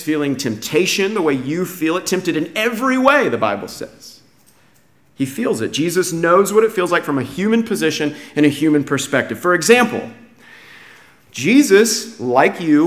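Male preacher, conversational sermon, lively swooping pitch, fairly high voice. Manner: animated, conversational, swinging from soft low asides to raised emphatic lines.

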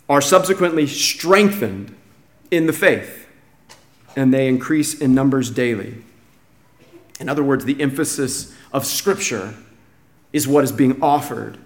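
A man preaching a sermon as pastor, emphatic, often restarting phrases and swinging from hushed to raised. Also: a little high.

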